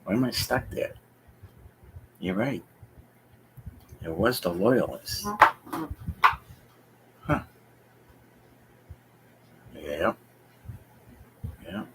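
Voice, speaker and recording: A man's voice: low-pitched, expressive, drawn-out words, pauses often, very noisy. A man chatting casually on a live stream, rambling and hesitant, thinking aloud with many fillers as he talks to viewers. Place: home basement.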